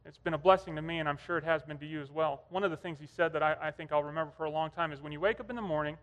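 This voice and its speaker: A man's voice: fairly high pitch, flat delivery, rapid-fire, a bit bright, clear, resonant tone. A man preaching a sermon, telling stories in a conversational way. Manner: conversational storytelling. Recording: long hall reverb.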